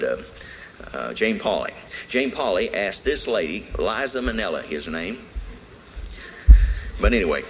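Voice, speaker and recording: Emphatic low-voiced male preacher. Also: fairly bright tone, slight background noise, poor audio. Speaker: pastor. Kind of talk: sermon. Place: church service.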